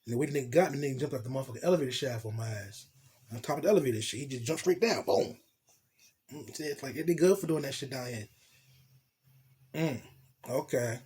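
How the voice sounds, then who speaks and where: A man telling a storytime tale in profane street slang, animated and blunt. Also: mid-range voice, quick pace, long pauses, husky. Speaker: storytelling vlogger. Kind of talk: casual storytime monologue.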